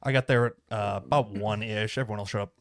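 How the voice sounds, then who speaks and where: A man's voice: on the low side, steady tone, quick pace. An American man hosting a podcast, telling a weekend story in a rambling, easygoing way with lots of fillers. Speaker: podcast host. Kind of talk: casual chat. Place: small home studio.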